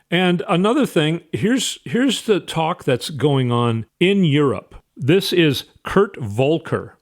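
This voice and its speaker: A man's voice: fairly high pitch, big pitch swings, slow, few pauses. A man hosting a commentary show, reading news aloud in a casual, emphatic way and repeating words for stress. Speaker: host.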